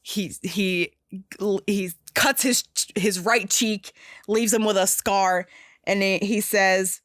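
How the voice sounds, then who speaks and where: Young woman, podcast host, bright tense voice, dry close sound, casual swearing recap. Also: medium pitch, takes it slowly, dry recording. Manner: excited, profane retelling with lots of fillers.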